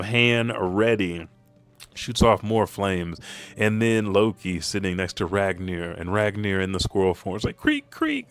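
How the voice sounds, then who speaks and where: Low-voiced man recapping in a casual, profane tone. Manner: profane, animated storytelling, bursts into high-pitched character quotes. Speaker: manga spoiler commentator. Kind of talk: casual recap with acted-out character lines.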